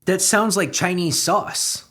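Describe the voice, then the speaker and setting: A man's voice: high voice, slow, fairly bright tone. A young man hosting a comedy podcast, reading news stories aloud and breaking off into profane, sarcastic, exasperated commentary. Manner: sarcastic, exasperated, swings between muttering and outbursts.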